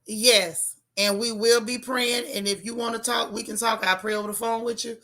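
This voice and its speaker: A woman hosting a livestream from her car, giving sassy, animated commentary and reading viewer chat aloud. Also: a little high, normal speed. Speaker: livestream host. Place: in a car while driving.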